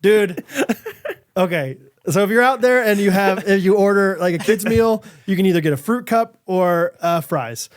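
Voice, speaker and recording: A man's voice: high voice, moderate pace, clean tone. A man co-hosting a podcast in casual chat, ranting in an emphatic, exasperated way. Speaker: podcast co-host.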